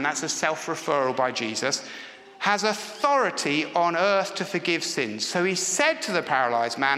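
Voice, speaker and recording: A man's voice: a little high, sing-song, normal speed, sharp tone, a little hiss or hum. A man preaching a sermon in church, talking conversationally and putting questions to the congregation. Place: church hall. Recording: echoey hall with long reverb.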